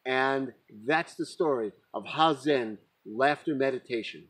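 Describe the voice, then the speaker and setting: A man who is an author, telling a spiritual parable in a slow, deliberate way. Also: mid-range voice, a bit bright, husky, low-quality recording. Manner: slow, deliberate, breaks into laughter. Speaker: author and storyteller. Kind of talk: spoken parable storytelling.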